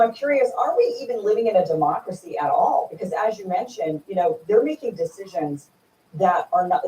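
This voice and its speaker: A woman hosting a political interview, animated and indignant, firing rhetorical questions. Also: fairly low pitch. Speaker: host. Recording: echoey room from far off.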